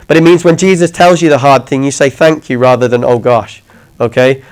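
A man's voice: fairly high pitch, brisk, darkish tone, low-quality recording. A man preaching a sermon, talking conversationally and often checking in with his listeners.

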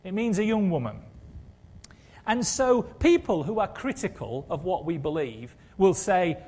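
A man's voice: high-pitched, sing-song, moderate pace, a little mellow. A man preaching a sermon in a conversational way, with wry humour and rhetorical questions.

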